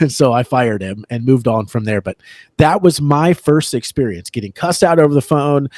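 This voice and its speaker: A man, a real estate agent, telling an animated story on a podcast, acting out the other people's lines and laughing as he goes. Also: mid-range voice, dry recording. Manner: animated, acts out quoted dialogue, laughs between lines. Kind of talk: casual storytelling.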